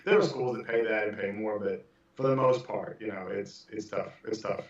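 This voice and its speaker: Man, casual podcast talk, rambling with fillers, lowish voice, dull echoey distant sound. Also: normal speed. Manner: rambling, many "you know" fillers. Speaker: percussion instructor.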